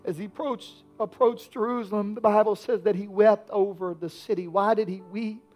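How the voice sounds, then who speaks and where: A man preaching a sermon as pastor, swinging from hushed lines to shouted peaks. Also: high voice, fairly even intonation, normal speed, faint music behind.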